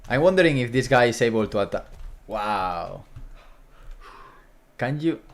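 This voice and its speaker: A man with streaming live commentary as he tests his own game, talking to enemies and swinging from loud to muttered. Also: medium pitch, animated, measured pace, creaky.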